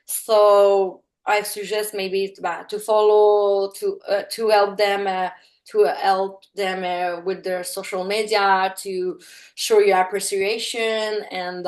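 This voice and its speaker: Halting French Canadian woman guest. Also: mid-range voice. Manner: halting, searching for English words; bubbly, open. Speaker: interview guest. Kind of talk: casual interview chat.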